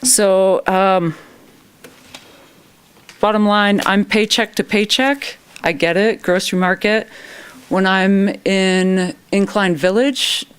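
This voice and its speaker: A woman's voice: lowish voice, clear, resonant tone. A woman making a worried, plain-spoken public comment at a town council meeting, using folksy phrases.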